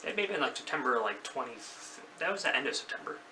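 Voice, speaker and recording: A man's voice: medium pitch, big pitch swings, quick pace, bright, forceful tone. A man in his thirties casually telling a personal story as a vlogger in his bedroom, rambling and correcting himself as he goes. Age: 30s. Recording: slightly distant mic, faint background noise.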